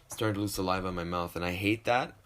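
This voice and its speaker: A man's voice: low-pitched, very fast, a bit bright. A young man with a slight lisp hosting a solo podcast from his desk, rambling and swearing, often poking fun at himself. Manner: rambling, profane, self-deprecating. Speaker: podcast host. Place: home desk.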